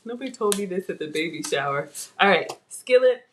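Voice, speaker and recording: A woman's voice: mid-range voice, expressive, a little fast, a bit bright, slight background noise. A woman hosting a live home cooking class, chatty and self-teasing as she talks to viewers from her kitchen. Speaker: cooking show host.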